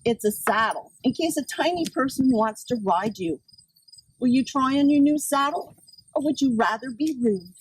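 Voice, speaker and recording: A woman's voice: sits high, animated, normal speed, far from the mic, slight background noise, low-quality recording. A woman voicing a big, vain, condescending horse in a children's storybook read-aloud. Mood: haughty. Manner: haughty, baby-talking.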